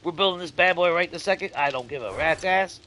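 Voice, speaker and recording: A young adult man hosting a let's-play, chatting casually to his viewers, swearing freely and swinging between grumbling and giddy excitement. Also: on the high side, fast, slight background noise. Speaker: gaming channel host.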